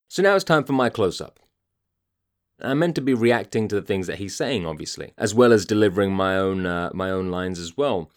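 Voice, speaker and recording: A man's voice: fairly low pitch, expressive, brisk. A man hosting a podcast, ranting in an exasperated, profane monologue. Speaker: podcast host.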